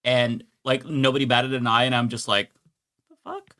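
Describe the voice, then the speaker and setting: Guy cohost, bright tense voice, blunt, swears a lot, bit off mic. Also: mid-range voice, little pitch movement, brisk. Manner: blunt, swears casually, laughs along. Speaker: podcast co-host. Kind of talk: casual chat.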